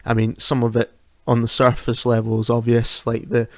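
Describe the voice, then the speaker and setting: A man's voice: mid-range voice, completely flat delivery, normal speed, vocal fry, dry recording. A man hosting a solo podcast from home, chatting casually, often laughing and restarting his sentences. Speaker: podcast host. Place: home at night.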